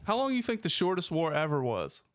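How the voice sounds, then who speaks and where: A man's voice: on the high side, huge pitch swings, brisk, no echo, clean studio sound. A man co-hosting a podcast in casual banter, joking around and laughing often. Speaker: podcast co-host.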